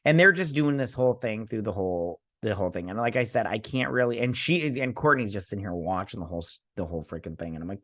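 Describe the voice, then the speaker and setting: Lively rambling male show reviewer. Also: fairly low pitch, fast talker, few pauses, no echo, clean studio sound. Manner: rambling, many fillers and restarts; animated, acts out characters' lines. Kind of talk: casual episode recap.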